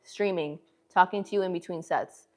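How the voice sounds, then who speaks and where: A woman's voice: lowish voice, normal speed. A woman hosting a casual livestream from a gym, with a northern city accent, talking to her viewers in a slangy, chatty way. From northern United States. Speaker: livestream host. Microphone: phone camera.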